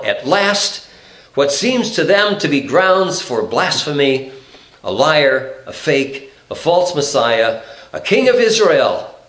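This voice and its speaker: A man preaching an expository Bible sermon, explaining the text in a measured way and reading scripture aloud. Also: medium pitch, fairly bright tone, reverberant, poor audio.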